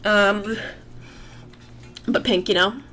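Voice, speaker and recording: A woman's voice: medium pitch, steady tone, extremely slow, bright, forceful tone, faint music behind. Rambling young woman chatting while drawing. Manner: rambling and self-deprecating. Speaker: artist streaming while drawing. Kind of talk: casual livestream chat.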